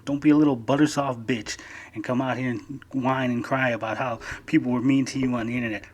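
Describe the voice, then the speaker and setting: A man's voice: medium pitch, steady tone, a little fast. A man YouTuber delivering a heated, profane rant to his channel. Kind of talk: angry rant.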